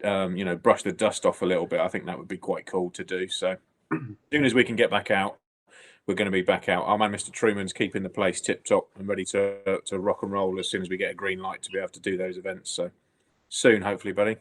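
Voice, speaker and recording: A man co-hosting a casual live stream, talking in a relaxed, easygoing way. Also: deep voice, quick pace. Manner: relaxed, easygoing, with short replies. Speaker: co-host.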